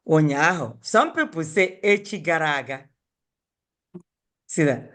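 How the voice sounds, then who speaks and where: A woman's voice: sits low, lively intonation, a bit bright. Patient woman teaching on a video call. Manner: patient, repeats phrases slowly for learners. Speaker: Igbo language teacher. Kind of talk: online language lesson.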